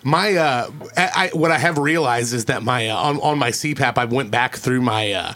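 A man's voice: medium pitch, normal speed, a bit bright. A man hosting a podcast in casual chat, rambling and swearing, often breaking into laughter. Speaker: podcast host. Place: small room around a table.

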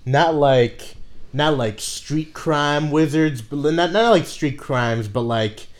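Joking man full of filler words. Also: fairly high pitch. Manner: joking, many filler "like"s, acts out quick silly voices. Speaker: podcast co-host. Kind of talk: casual fan chat.

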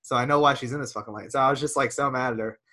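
Brief: fast-talking man in his thirties, bright tense tone, profane podcast ranter. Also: mid-range voice. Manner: profane, ranting storyteller, lots of "dude". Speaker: podcast co-host. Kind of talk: casual podcast chat.

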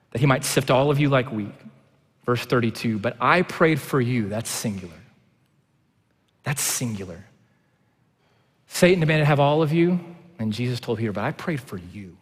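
A male pastor delivers a sermon in a church sanctuary, and his voice rings out in a long hall reverb. He moves between hushed, low passages and loud, fervent preaching. His pitch sits in an ordinary middle range for a man.

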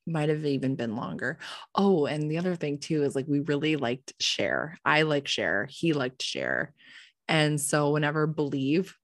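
A woman's voice: sits low, a little slow, dry recording, clean studio sound. A young woman hosting a casual chat, telling a story animatedly with plenty of "like" and swearing. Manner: animated, swears freely, lots of "like". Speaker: podcast co-host.

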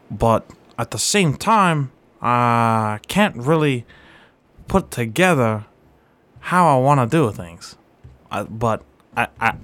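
A young man doing a slow, halting impression of a famous middle-aged male actor in a party impression game. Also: mid-range voice. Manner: slow, halting, strange pauses.

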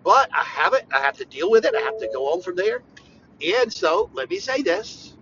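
A man preaching on a podcast, talking straight to the listener and hammering his points home again and again, with sudden loud bursts. His voice sits high, bright and sharp, and it swings widely up and down. The recording is dull and lo-fi, with a faint noise underneath. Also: very animated, normal speed. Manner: emphatic and repetitive, with sudden bursts of loud emphasis; conversational, talks straight to the listener. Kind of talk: informal devotional podcast talk.

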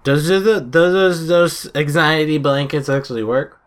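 A man in casual chat among friends, joking and quick to tease. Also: fairly high pitch, fairly even intonation.

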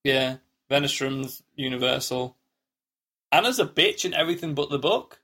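A man's voice: mid-range voice, animated, normal speed, sharp tone. A man co-hosting a podcast, chatting casually and rambling, often restarting his sentences and acting out the lines he quotes. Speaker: podcast co-host. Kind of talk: casual chat.

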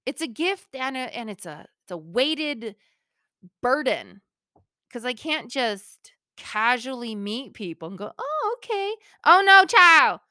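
A woman's voice: a little high, animated, unhurried, fairly bright tone, no echo, clean studio sound. A woman hosting a motivational solo talk, chatty and playful, laughing often and speaking straight to her listeners.

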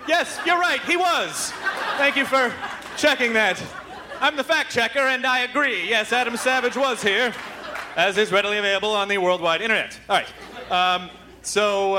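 A man's voice: high voice, sharp tone. A man hosting a live comedy podcast on a theater stage, hyper, rambling and profane. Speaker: podcast host. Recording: live venue with crowd noise.

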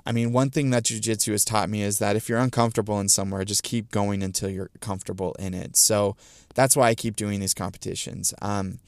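A man's voice: fairly low pitch, steady tone, a little fast, gravelly, no room sound, studio quality. A middle-aged man hosting a casual solo podcast, rambling with many ums and restarts, fighting hiccups and a scratchy throat. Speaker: podcast host.

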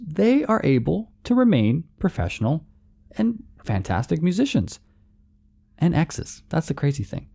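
Brief: male music host, casual rambling commentary, lively swinging delivery, mellow gravelly tone. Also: a little high. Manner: rambling, playful, self-deprecating. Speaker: music show host and playlist curator.

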